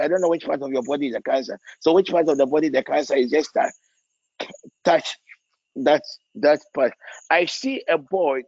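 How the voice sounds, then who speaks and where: A man leading a prophetic prayer session as pastor, pleading fervently and repeating phrases, rising to near shouts. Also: on the high side, creaky, no room sound, highs cut off.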